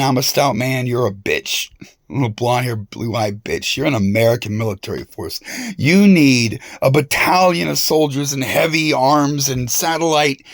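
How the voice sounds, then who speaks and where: A man's voice: medium pitch, dry recording, studio quality. A man talking straight to the camera in a rambling, profane and confrontational monologue. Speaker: vlogger.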